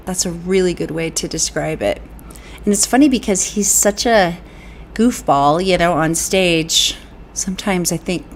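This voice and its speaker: A woman's voice: fairly low pitch, slight background noise. Enthusiastic woman reading chat comments aloud. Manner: enthusiastic, breathy exclamations of awe. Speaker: vocal coach streaming a music reaction.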